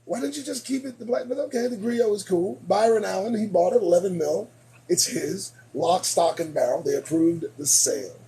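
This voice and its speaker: A late-night commentary host, high-pitched and talking at normal speed, is losing his voice. He preaches with emphasis, repeats lines for effect, and alternates between shouting and muttering.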